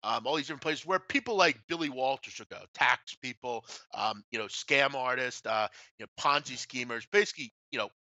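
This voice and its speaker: A podcast co-host on a sports betting talk show rants bluntly and swears freely while telling stories. His mid-range voice is bright and forceful, brisk with hardly any pauses, and the recording is dry.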